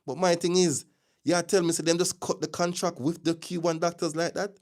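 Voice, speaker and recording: A man with a Jamaican accent hosting a casual live news stream, chatty and opinionated, greeting viewers with shout-outs as he talks through the day's news. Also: on the high side, flat delivery, brisk. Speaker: livestream news host.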